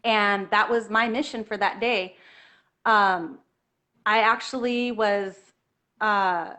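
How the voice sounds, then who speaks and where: A woman telling a personal story in an earnest, animated way, at times close to tears. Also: mid-range voice, slow pace. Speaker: guest telling her story.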